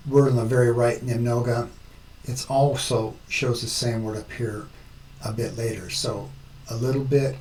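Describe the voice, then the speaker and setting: A man hosting a language tutorial, explaining slowly and step by step as he works through his screen. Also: medium pitch, a little mellow, recorded from a distance, slight background noise, poor audio. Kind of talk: screen-recorded tutorial narration.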